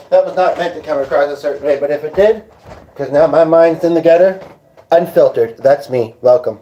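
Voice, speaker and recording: A man's voice: fairly high pitch, fairly quick, dark tone, dull audio, slight background noise. Tired, rambling man chatting on a live stream. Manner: rambling, jokey, chatty with viewers. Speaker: livestream host. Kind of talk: casual live-stream chat reading comments.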